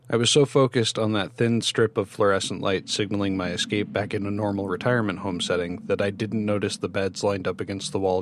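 Low-voiced man narrating a story. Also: a little hiss or hum. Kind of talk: scripted narration.

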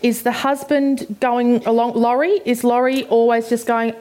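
A woman, co-hosting and chiming in with quick, wisecracking remarks. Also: fairly high pitch, fairly even intonation, a little mellow. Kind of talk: casual chat.

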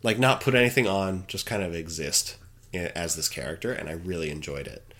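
A man's voice: deep voice, a bit bright. A man co-hosting a podcast, earnestly defending his view of a movie in casual chat, often restarting his sentences. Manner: insistent, earnest, halting with restarts. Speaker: podcast co-host.

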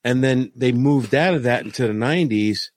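Laughing former wrestler, mid-pitched man. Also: moderate pace, dry recording, studio quality. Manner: laughing, stammering storyteller. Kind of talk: casual podcast chat.

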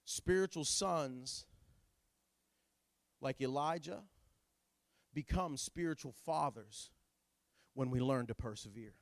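A man preaching a sermon as pastor, with dramatic delivery that swings between hushed and shouting. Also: medium pitch, slow, creaky, pauses often, dry recording, studio quality.

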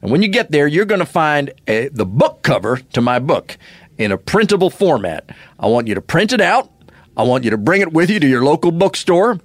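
A man's voice: fairly high pitch, sing-song, fairly quick, no room sound. A man playing a cranky, swearing cowboy poet who hosts a comedy podcast, with folksy rural talk. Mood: boastful. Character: cranky male cowboy poet, gruff and defensive. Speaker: podcast host.

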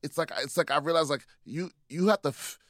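A man's voice: fairly high pitch, brisk, fairly bright tone, dry recording, studio quality. Profane, rambling man in casual chat. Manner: rambling, profane storytelling with many restarts. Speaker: podcast co-host.

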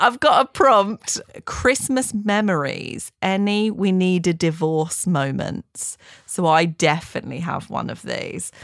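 A woman's voice: deep voice, vocal fry, dry recording, studio quality. A woman hosting a podcast, chatting casually and laughing as she tells a personal story. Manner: chatty, laughs while telling stories. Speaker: podcast host.

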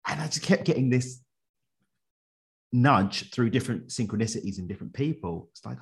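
A man recounts his own story as a podcast guest, talking animatedly and breaking into chuckles. His voice sits fairly low. His phrasing is casual and full of everyday slang. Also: moderate pace, long pauses. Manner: animated, chuckles often, colloquial. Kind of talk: personal storytelling in conversation.

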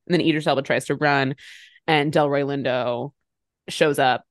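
A woman's voice: rumbling low, fairly even intonation, moderate pace, no room sound, studio quality. A woman in her thirties co-hosting a podcast, chatting casually and sarcastically about a movie, slipping into voices for quotes. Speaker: podcast co-host. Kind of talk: casual movie-review chat.

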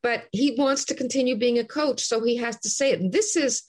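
A woman's voice: a little high, fairly quick, a little mellow. A woman from Canada, a guest on an interview show, talking in a passionate, ranting way with many restarts. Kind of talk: animated interview talk.

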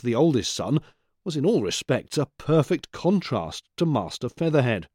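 A man narrates a classic children's tale at a steady, measured pace. His voice sits in a middle range. The recording is close and dry, with no room sound. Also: mid-range voice, dry recording. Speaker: reader. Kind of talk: scripted narration.

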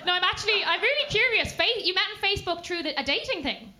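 A woman's voice: very high voice, big pitch swings, fast talker, sharp tone. A woman comedian doing crowd work on stage, teasing and laughing as she talks. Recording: live club with audience. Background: audience laughter.

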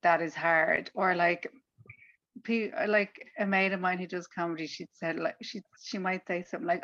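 A woman with a lowish voice and an Irish accent, a comedian guest, chats casually at normal speed in an interview. She tells lively stories and acts out the people she quotes, and the recording sounds dry and muffled.

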